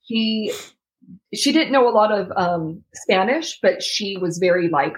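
A young adult woman from the US, recorded with poor audio, speaks at a measured pace with medium pitch and lively intonation. Telling a heartfelt personal story as an interview guest, she acts out the quoted voices and laughs between lines.

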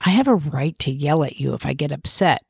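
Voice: mid-range voice, lively intonation, fairly quick, vocal fry, slightly rough, no room sound, studio quality. A podcast host who works with children, explaining infant development in a conversational way, with frequent restarts and fillers. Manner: gives warm, reassuring asides. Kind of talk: casual explanatory podcast talk.

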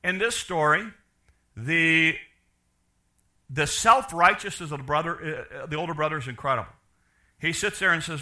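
High, bright-voiced animated male preacher. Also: moderate pace, long pauses. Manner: animated preaching, voices quoted characters, repeats and restarts. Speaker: pastor. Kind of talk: sermon.

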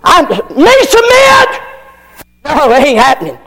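Preacher doing a sassy, high-pitched defiant wife, swooping all over. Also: male voice, wildly swooping pitch, slow, pushed and bright, long reverb tail, full character voice, low-quality recording. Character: defiant churchgoing wife who refuses to submit.

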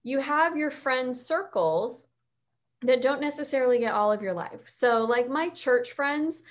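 A woman hosting a podcast in casual chat, rambling with quick asides. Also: high-pitched, expressive. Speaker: podcast host.

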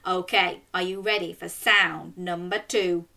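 A young woman reading a children's story aloud and running games, speaking directly to young children in an animated way. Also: lowish voice, unhurried, vocal fry.

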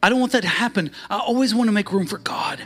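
A male preacher delivering a sermon with fervor, swinging from quiet asides to shouted, chant-like calls. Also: high voice, fast talker.

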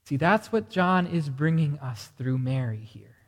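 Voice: medium pitch, expressive, measured pace. A pastor delivering a morning sermon earnestly, asking the congregation rhetorical questions. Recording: reverberant hall sound.

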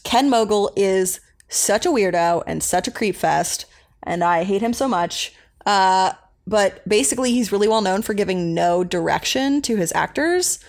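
Young woman, podcast co-host, rambling casual recap, filler-heavy. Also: medium pitch. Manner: chatty, rambling, many fillers.

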